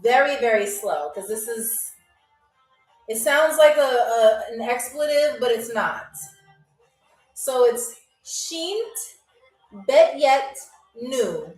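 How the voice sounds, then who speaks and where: A woman hosting a live-streamed game show, teasing viewers and reading their comments aloud, and saying foreign phrases very slowly. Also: on the high side. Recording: roomy, mic at a distance, faint music.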